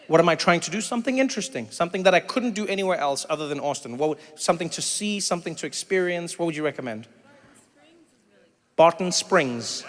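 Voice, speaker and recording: High and bright, the voice of a South African comedian fills a big hall as he does stand-up with crowd work in front of a live audience. He mimics other people's voices mid-story and chats with the crowd, while long reverb echoes over a faint hum of room noise.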